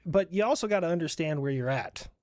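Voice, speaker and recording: A man's voice: a little high, expressive, fast, darkish tone, no echo, clean studio sound. A man streaming a reaction video, joking crudely and swearing often. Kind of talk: casual reaction commentary.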